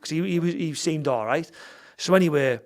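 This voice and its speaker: A middle-aged man tells a story in a casual podcast chat, with a voice that sits fairly high for a man. He swears a lot and acts out what each person said. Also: fairly quick. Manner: swears freely, tells the story with quoted dialogue. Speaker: guest, fighter and gym owner.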